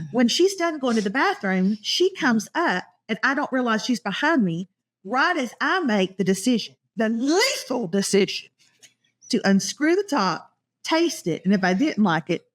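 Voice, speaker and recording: A woman's voice: fairly high pitch, big pitch swings, a little slow. A woman hosting a podcast, telling stories to her friends in casual chat and laughing often. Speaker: podcast host. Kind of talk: casual storytelling among friends.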